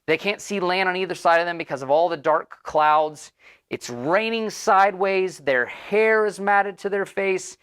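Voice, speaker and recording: Male pastor, relaxed storytelling sermon voice, chatty asides. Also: high voice, clear, resonant tone.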